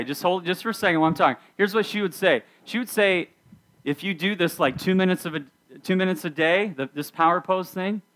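A man's voice: on the high side, a bit bright. A middle-aged man preaching a casual sermon to a youth group, speaking conversationally and leading the audience through activities. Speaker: youth pastor.

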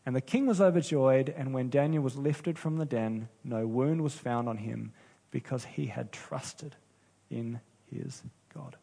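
A man preaching a sermon as pastor, earnest and unhurried, with pauses and restarts. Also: mid-range voice, vocal fry, warm tone, breathy edge.

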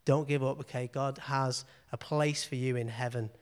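In a church meeting room, a preacher gives an informal sermon in a medium-pitched, steady voice at a moderate pace, and the sound is clean. He is earnest and repeats phrases, frequently checking in with "okay."

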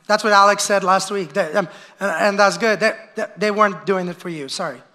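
A male pastor preaching a lively sermon in a church, calling out to the congregation and acting out the voices of complainers. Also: sits high, brisk. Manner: energetic, calls out to the congregation for response. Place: church sanctuary.

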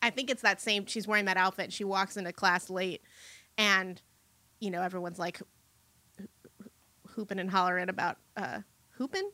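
Bright, chatty woman discussing a movie. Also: medium pitch, moderate pace, pauses often, dry recording. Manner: chatty, laughs often, trails off and restarts. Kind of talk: casual chat about a movie.

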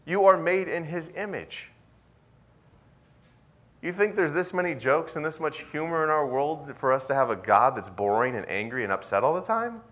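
A young man preaching a sermon in a lively, conversational way, sometimes dropping to a whisper. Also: fairly high pitch, normal speed. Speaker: pastor.

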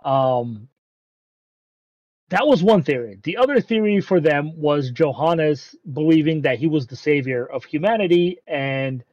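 A man's voice: fairly high pitch, a little mellow, no echo, lo-fi sound. A man casually recapping an anime episode, rambling with frequent ums and casual swearing.

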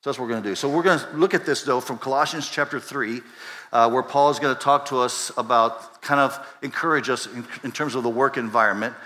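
This sermon comes from a pastor talking fast and easily in a medium-pitched, bright, forward voice. He loops back over his words and asks the room rhetorical questions, and the big sanctuary gives everything a long, ringing reverb.

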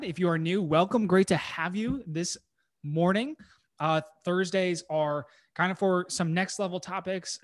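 Upbeat, higher-voiced man co-host. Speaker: recovery coach and co-host. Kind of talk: live-streamed coaching session.

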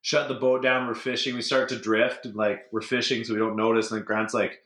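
Young man, casual storytelling, lots of filler and swearing, lowish voice, echoey room. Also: flat delivery, fast, few pauses, fairly bright tone. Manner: laid-back storytelling, heavy swearing and "like". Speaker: storyteller among friends. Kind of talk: casual chat.

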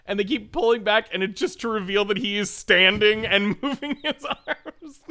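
A man co-hosting a podcast, chatting casually about a movie, animated and laughing often. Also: sits high, normal speed. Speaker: podcast co-host. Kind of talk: casual movie review chat.

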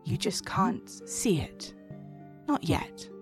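A woman voicing a gentle, kind female goddess who speaks softly and reassuringly in a tabletop role-play. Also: slow pace, music in the background, lightly acted. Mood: tender. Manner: soft, calm and reassuring.

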